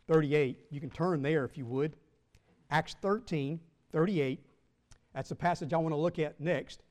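A man, a Baptist pastor, teaching the Bible to his congregation in church, measured and emphatic, slowing and rising when he reads scripture. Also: on the high side, a little mellow, long reverb tail.

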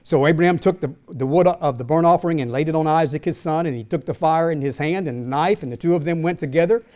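An older man preaching a sermon, asking his listeners questions and swinging from loud calls to hushed lines. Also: fairly high pitch, fast talker. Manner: asks the congregation questions. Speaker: pastor.

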